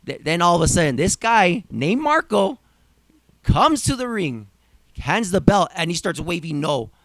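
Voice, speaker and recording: A man with a somewhat high voice hosts a casual podcast, recapping events with theatrical flair and mock outrage. His delivery sounds dry and close to the mic. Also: unhurried, no echo. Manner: animated, theatrical recap with mock-dramatic asides. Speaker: podcast host.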